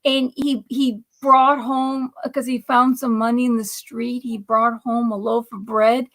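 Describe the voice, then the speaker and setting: A woman's voice: fairly high pitch, level tone, measured pace, a bit bright. A woman chatting casually on a livestream, laughing often as she talks. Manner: giggly, breaks into laughter, quotes film lines. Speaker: livestream guest. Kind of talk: casual chat.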